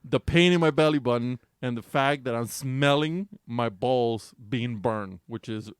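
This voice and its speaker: A man co-hosting a casual podcast tells a raunchy story, swearing freely and laughing as he goes. His voice sits at an ordinary middle pitch. The sound is dry and close, with no room around it. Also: unhurried, clean tone, no room sound. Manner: animated, profane, laughing storyteller. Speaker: podcast co-host.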